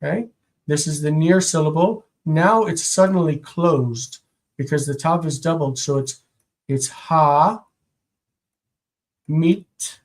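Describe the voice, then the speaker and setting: A man teaching Hebrew grammar in a live stream, slow and patient, repeating each word several times. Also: on the high side.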